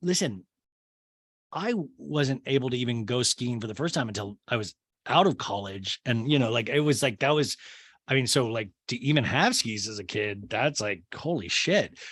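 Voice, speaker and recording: A man hosting a comedy podcast, recapping a TV show in a gossipy, animated way. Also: medium pitch, moderate pace, breathy edge, no echo. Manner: gossipy, animated, full of "like" asides. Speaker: podcast host.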